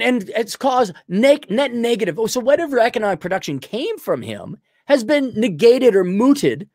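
Ranting, profane man with a lively voice. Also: sits high, no room sound, clean studio sound. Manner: profane, heated, halting restarts. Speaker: host answering viewer questions. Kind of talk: ranting commentary.

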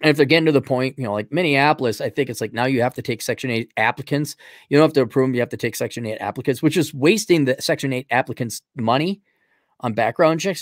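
A man's voice: medium pitch, quick pace, no room sound, studio quality. A man hosting a livestream, giving blunt, rambling, sarcastic opinions in casual talk. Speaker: livestream host.

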